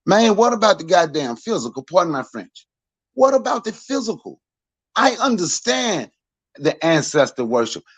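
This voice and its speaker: A man's voice: sits high, a bit bright, dry recording. A man in his forties speaking as a podcast panelist in a blunt, profane, heated rant.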